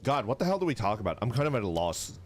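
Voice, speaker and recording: Lively casual male streamer. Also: mid-range voice, rapid-fire. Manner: lively, swearing, reads chat aloud. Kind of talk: casual live-stream chat.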